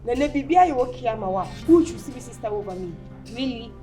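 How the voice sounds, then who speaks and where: A woman's voice: a little high, lively intonation, moderate pace, dark tone, faint music behind, lightly acted. A woman with a Ghanaian accent acting as an upset young woman confronting her lover, pleading and accusing. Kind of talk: amateur drama acting.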